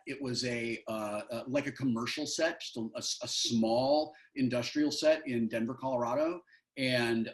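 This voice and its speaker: Earnest man talking in a roomy space. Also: medium pitch. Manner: thoughtful, earnest, explains at length. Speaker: actor as guest. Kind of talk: casual interview over video call. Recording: roomy echo.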